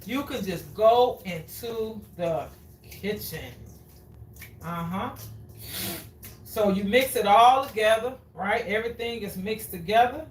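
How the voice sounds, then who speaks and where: A woman hosts a cooking demonstration at an unhurried pace, chatty and fond of repeating herself to her viewers. Her voice sits at a middle pitch and is picked up from a few steps away. The kitchen around her sounds echoey, with faint room noise underneath. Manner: chatty, repeats phrases, addresses viewers as guys. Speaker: cooking show host. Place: home kitchen. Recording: roomy, distant from the mic.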